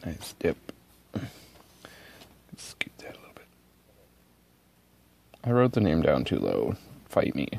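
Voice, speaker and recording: A man hosting an ink swatching video, talking casually and excitably at his desk, swearing freely and switching between loud outbursts and muttered asides. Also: very deep voice, slow pace, creaky, pauses often. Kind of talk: casual narration while swatching inks. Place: at a desk indoors.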